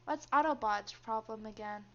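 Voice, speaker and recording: A woman's voice: a little high, normal speed, bright, forceful tone, highs cut off. A young woman streaming a game, reading its story lines aloud and chatting with viewers between them, laughing often.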